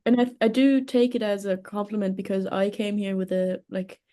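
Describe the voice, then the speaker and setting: A woman's voice: mid-range voice, little pitch movement, normal speed, warm tone. A German woman whose first language is German, speaking English with an Irish-tinged accent, chatting as an interview guest who laughs easily and jokes about herself. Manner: laughs easily, self-deprecating. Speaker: guest, speech and language therapist. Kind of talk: casual interview chat.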